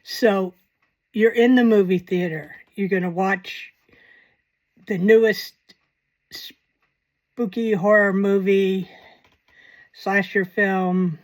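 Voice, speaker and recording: A woman's voice: medium pitch, steady tone, slow, pauses often. Wry rambling woman vlogger. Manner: rambling, wry and self-mocking. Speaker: paranormal channel host. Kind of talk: casual commentary vlog.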